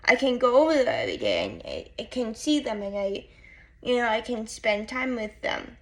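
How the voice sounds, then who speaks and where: A woman vlogger talking to camera in casual chat, tearful and halting, often repeating herself. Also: a little high, big pitch swings.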